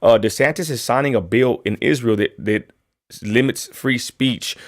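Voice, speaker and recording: Excitable West Texas stream host. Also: male voice, mid-range voice, moderate pace. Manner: casual, slangy, excitable. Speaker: show host. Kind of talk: live political chat stream.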